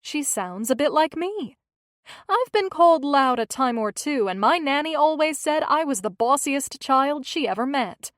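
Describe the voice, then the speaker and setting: A woman voicing a lively, witty young female assistant who talks a lot and teases in an audiobook. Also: high voice, moderate pace, dry recording, clean studio sound, pitched above the performer's own voice. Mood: teasing. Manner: chatty and warm-witted.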